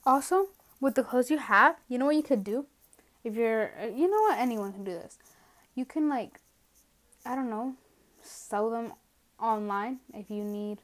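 A young woman with a slightly high voice talks alone into her podcast from home. She rambles in a casual, self-mocking way, trails off into asides, and sounds a little out of breath. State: a bit out of breath. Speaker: podcast host. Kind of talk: casual solo rant. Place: at home, indoors.

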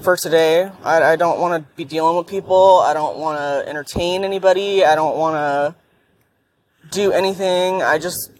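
A woman's voice: low voice, steady tone, normal speed, a little mellow. A woman vlogging in a car after a sleepless night, ranting in a blunt, profane and irritable way. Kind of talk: casual rambling monologue. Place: in a car while driving. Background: faint road and vehicle noise.

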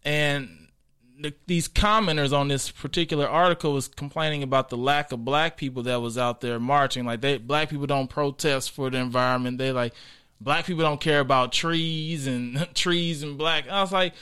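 A man, a comedian, chatting casually and telling animated, laughing stories. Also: fairly high pitch, normal speed, clean tone. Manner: animated storyteller, laughs often. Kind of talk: casual chat.

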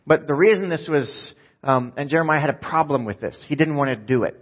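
A man's voice: fairly high pitch, a little fast. Casual male pastor in an echoey hall. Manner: casual, conversational, self-deprecating. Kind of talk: sermon. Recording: dull echoey hall sound.

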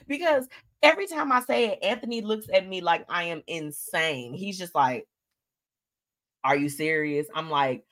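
A woman hosting a live stream, talking in a casual, animated way and reading viewers' comments aloud. Her voice sits a little low, and she laughs often. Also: moderate pace. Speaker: live show host.

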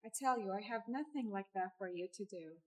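A woman's voice: mid-range voice, fairly quick, far from the mic, lightly acted. A woman reading aloud, voicing a reserved farm wife who answers shortly and firmly. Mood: curt. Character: guarded farm wife, proud gardener.

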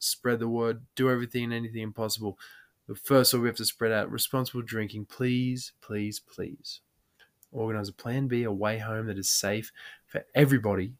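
Australian man spinning a yarn. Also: medium pitch. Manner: laughs often while telling, swears freely. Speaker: podcast host. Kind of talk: casual storytelling.

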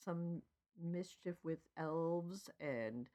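A woman's voice: lowish voice, extremely slow, warm tone. A woman co-hosting a podcast, chatting and rambling through recommendations and wrap-up. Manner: chatty, rambling, easily sidetracked. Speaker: podcast co-host. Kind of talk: casual chat.

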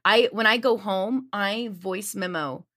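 An upbeat, talkative woman from Louisiana speaks without a regional accent as a voice actor guest on a podcast. Her voice sits at a middle pitch, and she laughs easily through casual chat. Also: unhurried, a bit bright. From Louisiana, USA.

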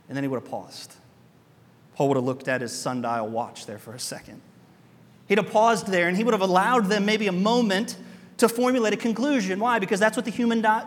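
A man pastor preaching a sermon in a church, animated, asking his congregation rhetorical questions. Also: sits high, long reverb tail.

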